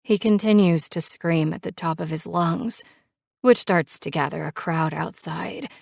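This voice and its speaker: A woman narrating a first-person romance audiobook with a measured, steady reading on a close mic. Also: low voice, creaky, no echo.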